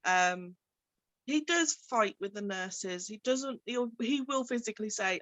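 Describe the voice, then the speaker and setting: A woman's voice: mid-range voice, unhurried, a bit bright, no echo. A young woman with a Birmingham accent, a parent talking casually in an interview and acting out what others say. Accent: Birmingham English. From England. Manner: chatty, acts out quoted speech, laughs often. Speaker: parent guest.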